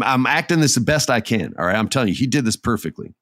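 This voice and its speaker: Man, excitable casual storyteller, low voice, dry close sound, acts out scenes. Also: quick pace, few pauses, no echo. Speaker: wrestling recap commentator.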